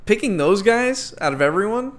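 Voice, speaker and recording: Lively young man, easygoing co-host. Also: sits high, normal speed. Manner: relaxed, agreeable, laughs often. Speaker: podcast co-host. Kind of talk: casual chat.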